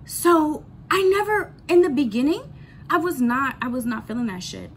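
A woman's voice: high voice, lively intonation, moderate pace, a little hiss or hum. A woman ranting bluntly in a candid storytime vlog, swearing freely and repeating lines for emphasis. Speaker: vlogger.

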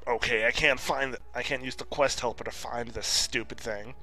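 A man giving casual, rambling gameplay commentary as a let's play host, easily distracted and breaking into sudden excited outbursts. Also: mid-range voice, moderate pace, faint music behind.

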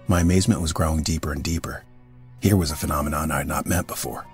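A man narrating a classic story as an audiobook, in a measured, earnest reading. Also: extremely low pitch, fairly even intonation, soft background music.

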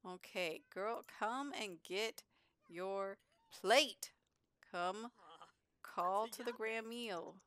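A woman's voice: medium pitch, extremely slow, fairly bright tone, clean tone. A woman giving chatty, giggly gameplay commentary as a gaming YouTuber.

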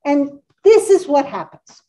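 A woman gives a relaxed art history lecture in a mellow, fairly high voice. She talks in a chatty way, with wry asides and frequent ums. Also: unhurried, recorded from a distance, poor audio. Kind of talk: casual presentation and read-aloud.

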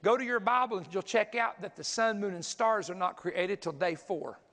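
A man's voice: high voice, normal speed, a bit bright. A man preaching a sermon, teaching energetically, counting aloud and pointing things out as he goes. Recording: long hall reverb.

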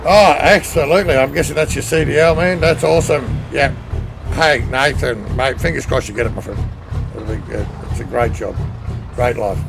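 A man's voice: mid-range voice, normal speed, creaky, over music. An Australian man chatting casually on a live game stream, greeting viewers by name in a chatty, flustered way and swearing freely. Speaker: truck sim live streamer. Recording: steady background noise.

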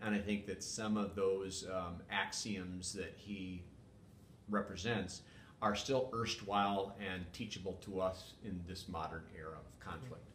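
Older male guest, deep voice, measured and wordy delivery, echoey room with faint rumble. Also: fairly even intonation, fairly bright tone. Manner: measured, wordy, many fillers. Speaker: former police chief, guest. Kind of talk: casual interview talk.

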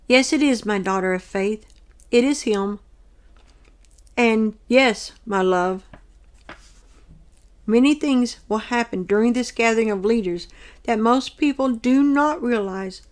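A woman reading aloud the words of a gentle, loving male divine figure, in a tender and solemn manner, in her own slightly high voice. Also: measured pace, pauses often, close to an everyday voice.

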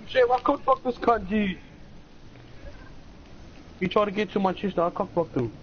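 A man's voice: high-pitched, moderate pace, highs cut off. A young man bantering over a game, brash, boastful and swearing freely. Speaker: gamer. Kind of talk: casual gaming banter.

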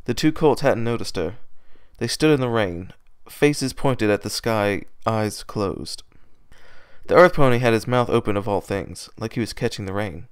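A man reading a fan-written story aloud at home, steady with small slips and restarts, close to his microphone. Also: on the low side, brisk, clean tone, dry recording. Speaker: fan fiction reader. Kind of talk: amateur read-aloud narration.

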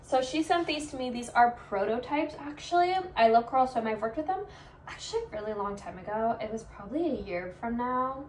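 A woman's voice: a little high, lively intonation, fairly quick, a little hiss or hum. A young woman hosting a casual try-on vlog, talking in a bubbly, playful Valley Girl way. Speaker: vlogger. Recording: echoey room, mic at a distance.

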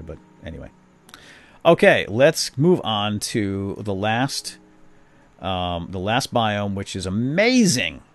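Deep-voiced, lively man showing off a game. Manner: upbeat, playful, says "groovy" a lot. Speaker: gaming video host. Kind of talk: casual game walkthrough commentary.

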